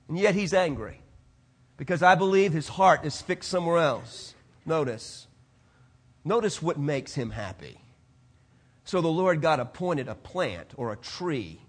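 A man preaching a sermon, swinging from loud declarations to hushed, quiet asides. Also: sits high.

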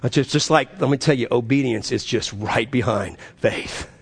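Preaching at a normal speed, this pastor has a husky voice with vocal fry. His delivery moves between booming emphasis and soft, low stresses, and he repeats words again and again to build toward a point.

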